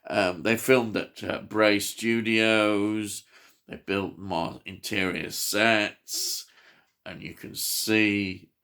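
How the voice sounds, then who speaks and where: Low, creaky male reviewer, unhurried and halting, eager about the film. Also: steady tone, pushed and bright. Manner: hesitant, many fillers and restarts; enthusiastic. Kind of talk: casual film review chat.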